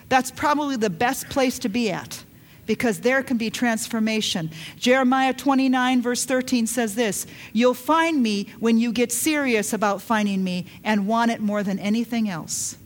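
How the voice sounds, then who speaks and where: A middle-aged woman preaching a sermon, emphatic, dropping to hushed lines and rising to loud urgent calls. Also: fairly high pitch, moderate pace. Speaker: pastor.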